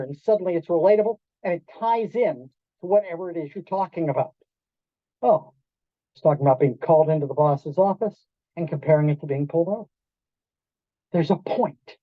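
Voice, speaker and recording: A man giving a storytelling talk to an audience in a restaurant event room, animated, acting out quoted voices and quizzing the listeners. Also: fairly high pitch, no echo. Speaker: keynote speaker. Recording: dull lo-fi dry sound.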